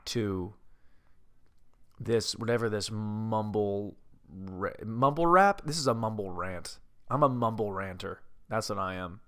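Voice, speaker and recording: A man's voice: fairly low pitch, a little slow, fairly bright tone. A man hosting a comedy podcast, ranting about a movie in a rambling, self-mocking way and tripping over his words. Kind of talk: comedic movie-review rant.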